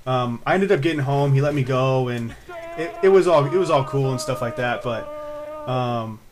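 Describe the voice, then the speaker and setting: A man's voice: medium pitch, moderate pace. A man in his twenties tells a personal story to camera in a rambling, laid-back way, with lots of fillers and swearing. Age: 20s. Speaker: vlogger.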